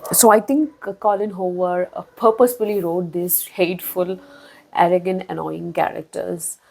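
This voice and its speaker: A woman reviewing a book in a casual vlog, talking in a chatty, expressive way with big swings in pitch and loudness. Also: moderate pace, gravelly, poor audio. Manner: chatty, with frequent fillers and restarts.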